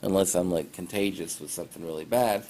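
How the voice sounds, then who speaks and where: A male teacher talks fast in a low, dark voice as he casually shares class announcements over a phone livestream, rambling and mocking himself. A slight hiss or hum is audible. He's chatty and meandering, with self-deprecating asides.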